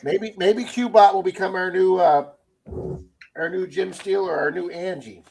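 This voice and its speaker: A man's voice: high voice, steady tone, normal speed, gravelly, darkish tone, slightly rough. A man co-hosting a casual live stream, chatting, telling stories and reading viewer comments aloud.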